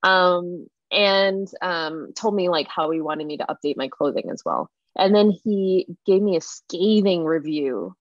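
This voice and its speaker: A woman guest retelling a workplace story in casual, animated talk full of fillers. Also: lowish voice, unhurried, hardly any pauses, no echo. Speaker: interview guest. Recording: muffled lo-fi dry recording.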